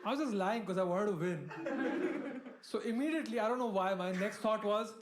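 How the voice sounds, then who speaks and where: A man works through a stand-up set, chatty and poking fun at himself as he keeps turning to the crowd. The recording is roomy, with a loud wash of noise under him. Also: high-pitched, fairly quick. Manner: chatty and self-mocking, often asks the crowd. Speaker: stand-up comedian.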